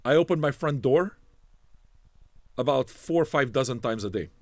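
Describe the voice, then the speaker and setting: A man's voice: normal speed, dry recording. A man hosting a live music stream, chatting casually and swearing freely as he rambles, jokes and riffs on the viewers' messages. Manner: profane, rambling, joking with the chat; animated, suddenly loud, then low and mumbling. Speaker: streaming radio DJ host.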